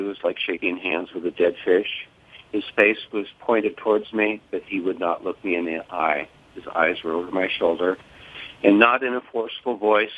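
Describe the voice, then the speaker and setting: An older man and grieving father speaking on a phone-in interview, measured, formal and deliberate. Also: sits low. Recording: tinny phone line.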